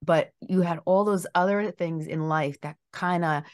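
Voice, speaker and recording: A woman's voice: on the low side, measured pace, dry recording, clean studio sound. A woman hosting an interview, asking questions and giving short supportive replies. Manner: supportive, gives short affirmations. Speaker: interview host.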